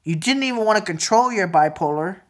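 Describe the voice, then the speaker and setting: A woman in her twenties venting angrily to camera in a profane, repetitive rant that sometimes drops to a low mutter. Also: expressive, fairly quick. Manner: angry, profane ranting; repeats phrases, drops to a low mutter at times. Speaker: vlogger. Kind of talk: emotional venting monologue.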